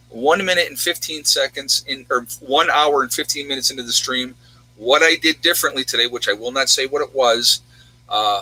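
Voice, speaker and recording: Hosting a casual livestream, a man rambles through his viewers' home towns, reading their locations aloud as he chats. His mid-range voice sounds pushed and bright, and the recording quality is low.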